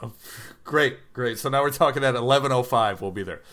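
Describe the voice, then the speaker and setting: A man's voice: medium pitch, brisk, a bit bright. A man casually telling a long story about buying old toys, rambling and correcting himself, livening up when he quotes people. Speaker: toy reseller telling a story.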